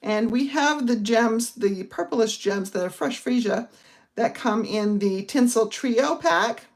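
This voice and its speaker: A woman's voice: on the high side, lively intonation, slow pace, creaky. A middle-aged woman from the northern United States, chatting casually as she explains a card-making project step by step. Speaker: papercraft instructor. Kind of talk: casual crafting demonstration.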